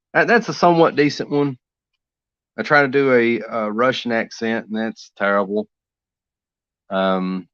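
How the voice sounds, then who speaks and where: Drawing live on his stream, a man with a fairly low pitch and fairly bright tone chats and rambles in an easygoing way, talking to himself as he works. There's no echo, and the sound is dull, dry and lo-fi.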